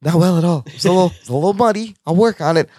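Male podcast host, high lively voice, excitable, cursing often, dry close sound. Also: rapid-fire, dry recording. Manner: animated, excitable, swears freely. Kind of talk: casual chat.

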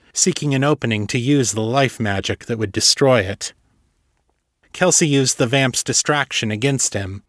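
Casting: man reading audiobook narration, even middle pitch, dry close sound. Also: no echo. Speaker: author and podcast narrator.

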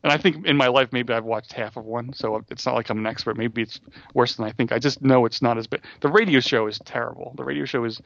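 Fast-talking gravelly man, casual chat. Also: medium pitch, fairly even intonation, a bit bright, no room sound. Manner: quick, rambling, many restarts. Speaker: podcast co-host. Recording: dull dry close-mic audio.

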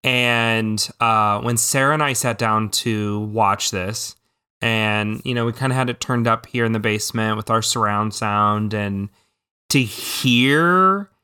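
Bright, smooth-voiced man chatting about movies. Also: on the low side, slow. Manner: enthusiastic, with frequent ums and restarts. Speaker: podcast co-host. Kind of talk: casual movie discussion.

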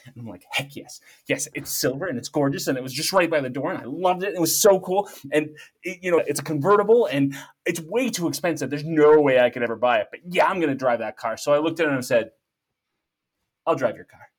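Middle-aged male guest, lively jokey storyteller, conversational. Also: fairly high pitch, quick pace. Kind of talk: casual storytelling.

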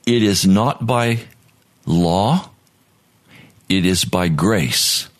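A man's voice: deep voice, extremely slow. A man preaching a sermon as pastor, earnest and at times pleading in prayer.

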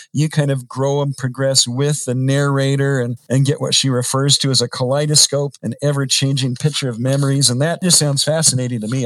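A man's voice: fairly high pitch, fairly bright tone, dry recording, low-quality recording. A man co-hosting a podcast, chatting casually and thinking aloud with frequent restarts. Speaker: podcast co-host. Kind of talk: casual conversational chat.

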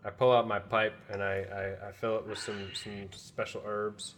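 A man's voice: on the low side, flat delivery, normal speed, noisy background. A man playing a tabletop game, talking casually with stammering restarts. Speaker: player.

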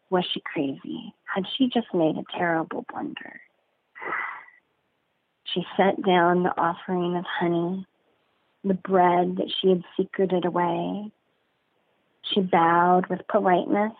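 A woman tells a folk tale slowly and deliberately, lingering on each detail. Her voice is low with a gravelly edge. The sound is dry and squeezed into a narrow band, like a phone line. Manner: slow, deliberate, rich sensory detail. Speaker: storyteller. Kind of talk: told folk story, guided narration.

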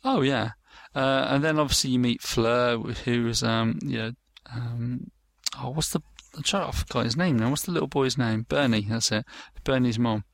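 A man's voice: mid-range voice, moderate pace, vocal fry, no room sound. A man casually talking over a show, rambling with lots of fillers and restarts and acting out quoted lines. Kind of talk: casual chat.

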